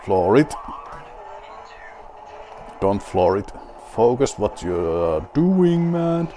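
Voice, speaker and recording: Slow, low-voiced Finnish-accented gamer man. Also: very animated, warm tone, slight background noise. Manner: wry, mock-grand self-talk. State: drinking beer while playing. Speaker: gaming video host. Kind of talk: playing a rally game with running commentary.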